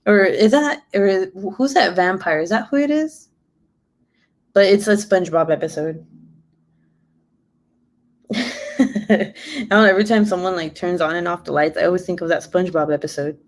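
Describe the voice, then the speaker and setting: A woman's voice: on the low side, moderate pace, pauses often. A young woman chatting casually and rambling on her live stream, giggling often. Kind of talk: casual chat.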